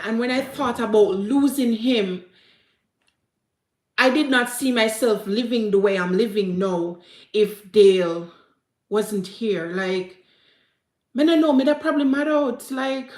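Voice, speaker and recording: Woman, 30s, Jamaican accent, higher register, heartfelt vlog storytelling, echoey room. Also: unhurried, darkish tone. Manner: heartfelt, tearful, repeats herself, mixes in patois. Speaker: vlogger. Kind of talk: emotional personal storytelling.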